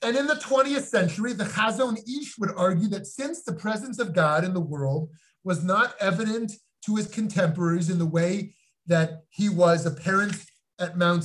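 Middle-aged rabbi guy teaching a class, kinda high voice, earnest, lots of restarts. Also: fairly bright tone. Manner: earnest, scholarly, with many restarts. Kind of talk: recorded lecture with personal anecdote.

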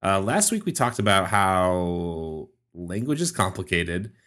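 Deep-voiced man musing on a podcast. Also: very animated, measured pace, a bit bright. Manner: wry, musing, many fillers and hedges. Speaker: podcast co-host, religion scholar. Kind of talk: casual chat.

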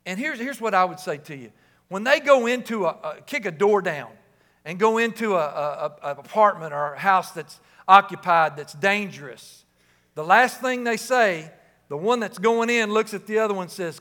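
Male pastor, 50s, passionate preaching in a big echoing sanctuary, tense bright tone. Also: high voice, expressive, moderate pace. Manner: impassioned, rising to shouts on key lines. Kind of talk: sermon. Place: church sanctuary. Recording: reverberant church hall.

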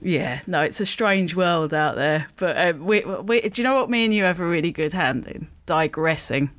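Lively woman hosting a podcast. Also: on the low side, normal speed. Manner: chatty, laughs easily, drops to a hush. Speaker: podcast host. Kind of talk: casual podcast interview.

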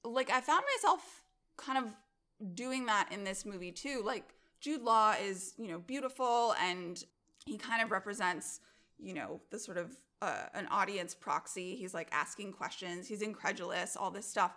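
A woman co-hosting a casual film-talk podcast, speaking at a middling pitch with a bright, forward tone. She talks with enthusiasm and leans on many filler words as she works through her thoughts. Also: moderate pace. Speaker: podcast co-host.

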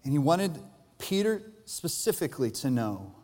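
A man pastor delivering an Easter sermon, earnest and emphatic, rising to loud peaks and dropping soft for tender lines. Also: a little high, sing-song, normal speed. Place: large church hall. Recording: live church hall with long reverb and soft music.

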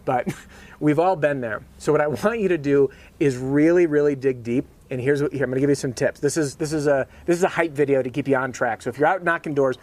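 Energetic man giving a motivational pep talk. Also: mid-range voice, brisk. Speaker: sales trainer and show host.

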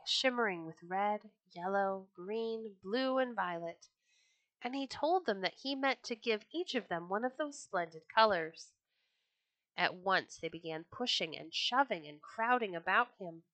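A woman reading old storybooks aloud for children, lively and expressive as she lifts her voice for the characters. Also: mid-range voice, dry recording. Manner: expressive, raises her voice for quoted birds.

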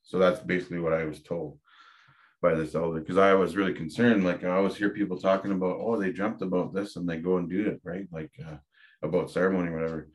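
A man's voice: low voice, steady tone, quick pace. A man, a podcast guest candidly telling a personal story with frequent fillers and restarts. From Ontario, Canada.

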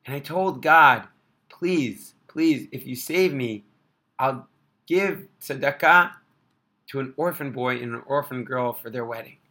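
A man's voice: medium pitch, measured pace, pushed and bright. A man voicing a grateful grown man who eagerly offers help. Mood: earnest.

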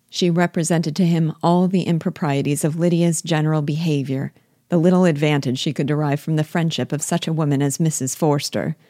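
A woman narrating a classic novel aloud in a steady, measured reading style. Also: low voice, no room sound, clean studio sound. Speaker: audiobook reader and guide. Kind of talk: scripted narration.

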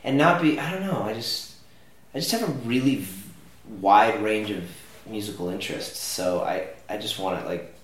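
A young man talks loosely about himself in an interview, circling his points with "you know" and "like". His voice sits a little low. The recording is very roomy and he sounds set back from the mic. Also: normal speed, distant mic. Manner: rambling, filler-heavy, laid-back. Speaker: musician guest. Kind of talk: casual interview chat.

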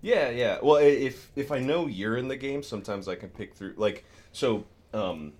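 A man co-hosting a podcast in casual chat, animated and laughing often as he tells stories. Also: mid-range voice, moderate pace. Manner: animated, laughs often, storytelling with bursts of excitement. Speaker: podcast co-host.

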